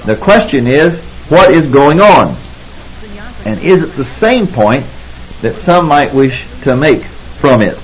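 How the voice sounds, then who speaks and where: A man giving an expository Bible lecture, measured and deliberate, pausing to stress key words. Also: a little high, big pitch swings, low-quality recording. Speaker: Bible teacher.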